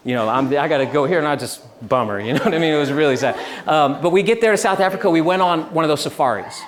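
A man's voice: fairly high pitch, fast talker, a crowd in the background. Chatty young man preaching casually. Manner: relaxed, chatty storytelling with laughs and restarts. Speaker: pastor. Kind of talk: casual sermon with storytelling.

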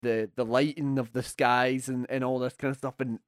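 A man's voice: mid-range voice, little pitch movement, moderate pace, dry recording. A young Scottish man talks in a loose, chatty way, filling his speech with "like" and laughing often. His voice sits mid-range, recorded dry and close. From Kilmarnock, Scotland. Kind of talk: casual chat.

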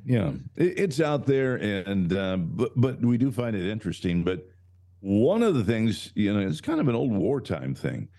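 A man's voice: on the low side, normal speed, soft background music. A man co-hosting a talk podcast, talking emphatically and often breaking off mid-phrase to restart. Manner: animated, emphatic, trails off and restarts. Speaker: podcast co-host. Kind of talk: casual talk show chat.

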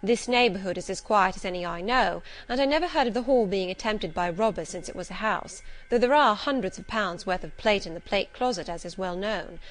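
A woman reading the part of a guarded middle-aged servant woman who speaks steadily and primly, with quiet insinuation. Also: medium pitch, brisk, natural voice. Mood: composed.

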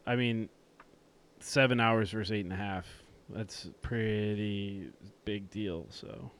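A man's voice: on the low side, fairly even intonation, takes it slowly, fairly bright tone, clear, resonant tone. A young man hosting a casual podcast, chatting in a laid-back way and laughing often. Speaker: podcast host. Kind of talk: casual podcast chat and read ad.

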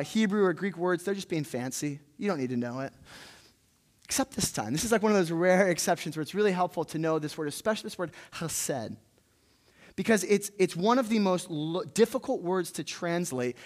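A man preaching in a church, his slightly raised voice loose and conversational rather than formal. He often repeats words and starts sentences over as he thinks aloud before the congregation. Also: fairly high pitch. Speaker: pastor. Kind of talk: sermon.

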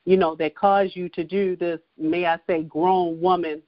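Woman podcast host, chatty, lots of "you know", lower voice, dry dull sound. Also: fairly even intonation, measured pace, dry recording. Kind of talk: casual interview chat.

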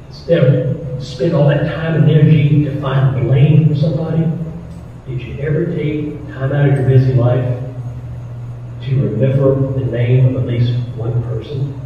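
A man's voice: mid-range voice, slight background noise. A middle-aged man with a Southern American accent, telling stories to a live audience as a retired firefighter, earnest and acting out the voices he quotes. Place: firehouse hall. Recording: distant, echoey, dull hall recording.

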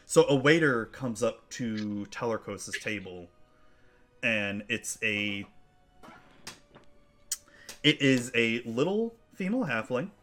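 A man of ordinary pitch running a tabletop game, loose and chatty, trailing off into ums as he describes the scene. Faint music plays underneath. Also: expressive, takes it slowly, long pauses, fairly bright tone. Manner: casual, rambling, many fillers. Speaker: game master.

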